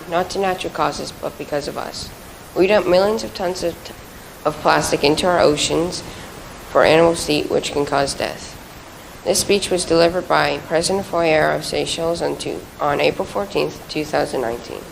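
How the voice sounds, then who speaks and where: A student reciting a speech earnestly, with a few slips. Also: female voice, deep voice, gravelly, a little hiss or hum, poor audio.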